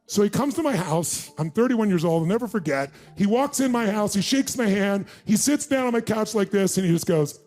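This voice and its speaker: A middle-aged man speaks from a stage as a motivational speaker, telling a story and quizzing the crowd. His voice sits high for a man, with faint music running under it. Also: animated, brisk, few pauses, a little mellow. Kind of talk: stage talk to a live audience. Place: large event room.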